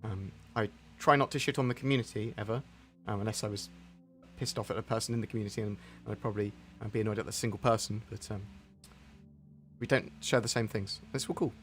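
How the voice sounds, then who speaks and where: A man's voice: on the low side, fairly even intonation, quick pace, a bit bright, soft background music. A man answering viewer questions on a live stream in a rambling, candid way, with some mild swearing.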